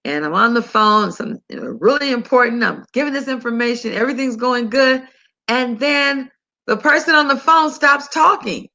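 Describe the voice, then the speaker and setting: An older woman hosting a health talk, telling a story in a chatty, animated, conversational way. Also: fairly high pitch, normal speed. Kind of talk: casual monologue to listeners.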